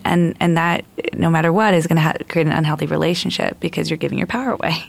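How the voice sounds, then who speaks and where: A woman's voice: sits low, fairly even intonation, fast talker, gravelly, few pauses, no room sound. A woman giving earnest advice in casual talk, laying it out in numbered steps and acting out inner voices.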